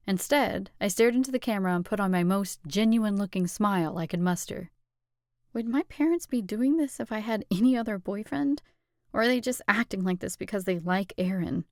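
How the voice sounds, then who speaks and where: Brief: woman audiobook narrator, expressive and steady, dry close sound. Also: mid-range voice, dry recording. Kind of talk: scripted narration.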